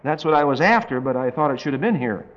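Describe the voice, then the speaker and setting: A man preaching a verse-by-verse Bible study with dry, folksy humor, reading scripture slowly. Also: mid-range voice, lively intonation. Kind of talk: verse-by-verse Bible teaching sermon. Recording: dull lo-fi tape recording.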